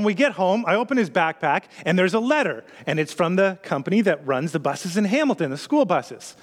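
High-voiced man telling a story in a hall. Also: a bit bright. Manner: conversational, builds tension with rapid repeated phrases. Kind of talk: storytelling sermon. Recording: long hall reverb.

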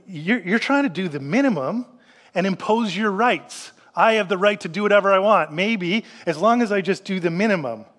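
Conversational preacher in a reverberant hall. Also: male voice, a little high, fairly bright tone. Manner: conversational preaching with rhetorical questions and quoted voices. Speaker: pastor. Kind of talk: sermon.

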